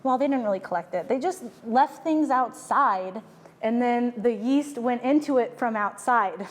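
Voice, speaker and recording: High-voiced joking woman, reverberant room. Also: unhurried. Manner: playful, joking, rambling asides. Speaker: home cook vlogger. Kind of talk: casual cooking vlog chat.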